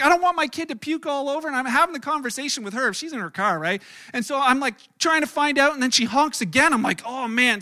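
A middle-aged man, a pastor, preaching a sermon through animated, self-mocking stories with acted-out quotes. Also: extremely high pitch. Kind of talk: storytelling sermon.

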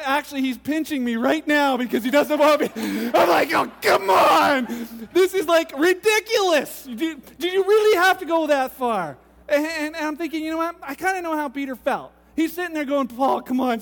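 A man preaching in a church sanctuary, his voice sitting very high for a man. He tells stories lively, acting out each conversation. The sound carries a long hall reverb. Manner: animated, acts out conversations, gets loud and excited. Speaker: pastor. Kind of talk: sermon with storytelling.

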